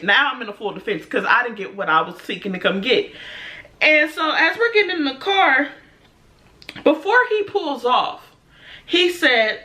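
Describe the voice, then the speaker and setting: Young woman vlogger, high and bright, acts out quotes in a laughing rant. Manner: animated, laughing storyteller acting out quotes. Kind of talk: storytime rant.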